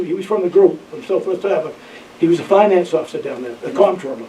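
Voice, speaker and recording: Older man, high voice and mellow tone, tells folksy stories, recorded distant in a roomy, dull room. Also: expressive, fast. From Maine, USA. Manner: rambling, folksy, laughs often, many "you know"s. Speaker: interviewee, retired Coast Guard keeper. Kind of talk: storytelling oral history. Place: library room.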